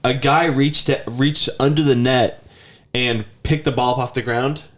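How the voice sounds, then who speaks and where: A man's voice: mid-range voice, steady tone, unhurried, a bit bright, a little hiss or hum. A man in his thirties chats on a podcast with loose, rambling storytelling. His voice sits in an ordinary middle register. Now and then he slips into a whiny child's voice. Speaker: podcast host. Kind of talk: casual chat.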